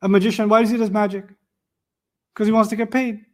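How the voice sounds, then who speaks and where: A man with a notably high-pitched voice teaches a lesson of Quran commentary. He talks in an animated way, throws rhetorical questions at his listeners, and breaks into recited Arabic verses. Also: fast talker. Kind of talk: tafsir lecture.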